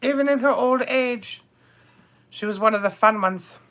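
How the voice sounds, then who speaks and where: A man's voice: extremely high pitch, moderate pace, a bit bright. A man playing a bawdy, gossipy older duchess on a comedic live stream, theatrically calling viewers darling and my dears.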